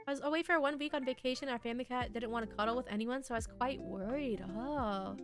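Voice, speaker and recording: A woman's voice: fairly high pitch, fast, few pauses. A young woman chatting casually with her viewers while playing a game on a livestream, giggly and talkative. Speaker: streamer. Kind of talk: casual gaming livestream chat. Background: game music.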